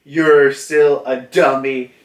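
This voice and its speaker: A man's voice: medium pitch, level tone, slow, close to an everyday voice. A man voicing a blunt young pirate captain, reading his lines in a plain, loose way. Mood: earnest. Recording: roomy, from a distance.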